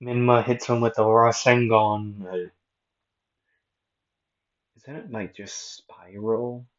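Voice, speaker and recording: A man's voice: medium pitch, steady tone, slow, dull audio. A man casually narrating a fan-made anime what-if story with rambling, self-mocking asides.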